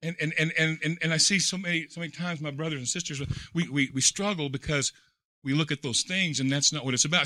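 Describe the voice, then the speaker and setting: A man, a pastor, preaching a sermon in a folksy storytelling way, full of repeated words and fillers, moving between quiet reflection and loud, excited preaching. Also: fairly high pitch, quick pace, no echo, clean studio sound.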